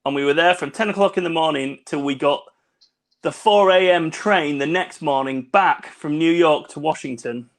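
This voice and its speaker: A man's voice: on the high side, moderate pace. A man co-hosting a casual video-call cocktail chat, rambling and swearing between laughs. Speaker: co-host.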